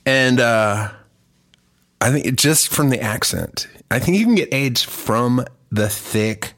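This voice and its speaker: A man's voice: medium pitch, big pitch swings, unhurried, fairly bright tone. A musician with a cough chatting casually as host of his song club, rambling, profane and jokey. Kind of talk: casual livestream chat.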